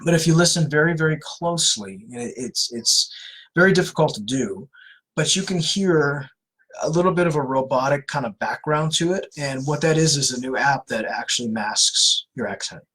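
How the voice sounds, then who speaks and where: A man's voice: fairly high pitch, expressive, normal speed, fairly bright tone, slightly rough, rough recording. A man from California hosting a live question-and-answer stream, giving earnest, conversational advice with frequent fillers and restarts. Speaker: host of anti-scam live Q&A.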